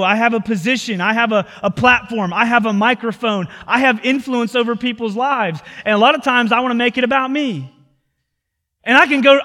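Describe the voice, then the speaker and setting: A man preaching a sermon as pastor, animated, acting out biblical dialogue and swinging from loud passages to hushed ones. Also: very high-pitched, long reverb tail.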